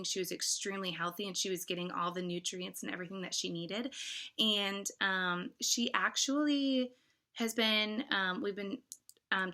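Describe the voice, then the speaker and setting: A woman in her thirties vlogs casually to her viewers in a bright, forceful, mid-range voice. She's effusive and emotional, full of fillers and restarts.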